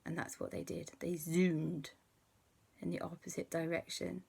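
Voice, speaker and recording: A woman's voice: lowish voice, sing-song, brisk, vocal fry, breathy edge. A woman making up an adventure story for children, playful and full of sound effects and gasps. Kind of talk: improvised bedtime story for kids.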